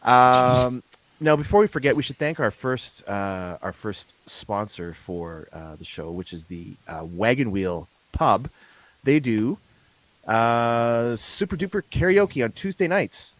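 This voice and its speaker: A man's voice: mid-range voice, lively intonation, slow, no room sound, low-quality recording. A man hosting a casual live morning show, joking and teasing his co-host with lots of fillers.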